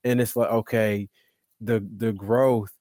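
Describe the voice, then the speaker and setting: Reflective man with a lowish voice. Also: little pitch movement, slow, mellow, no room sound. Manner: reflective, thinks aloud, laughs easily. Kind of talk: casual faith discussion.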